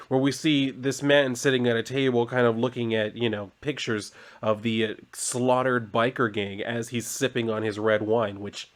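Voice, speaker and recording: With a voice at typical male pitch, a man reviews a comic book casually. He's chatty and jokey, using lots of fillers and asides.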